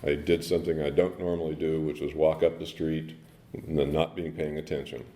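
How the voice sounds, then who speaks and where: A man giving a personal recovery story at a speaker meeting, halting, with many ums and restarts. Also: a bass voice, flat delivery, warm tone. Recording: echoey meeting room.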